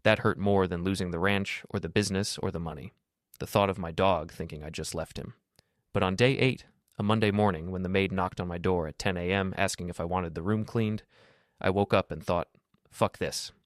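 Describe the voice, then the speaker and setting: A man with a very low voice narrates a scripted first-person story. His delivery is steady and matter-of-fact, and the recording is dry and close. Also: brisk, no echo.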